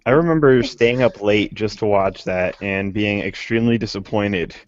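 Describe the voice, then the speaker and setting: Measured young man, lower voice. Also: a crowd in the background. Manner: measured, thoughtful, hesitant. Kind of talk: casual podcast chat. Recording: dry, dull lo-fi audio.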